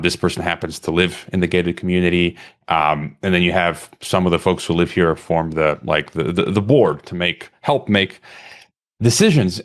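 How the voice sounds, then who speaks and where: A man hosting a podcast interview, telling a long personal story in an impassioned, rambling way, with many restarts before he asks his question. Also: lowish voice. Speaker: podcast host.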